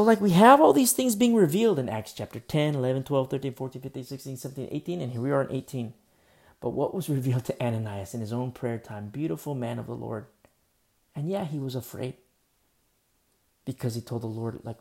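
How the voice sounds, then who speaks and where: Gravelly preacher guy, dark mellow voice, acts out the dialogue, goes real quiet sometimes. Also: medium pitch, fairly quick. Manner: animated preaching, acts out dialogue, drops to near whispers. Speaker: pastor. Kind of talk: sermon.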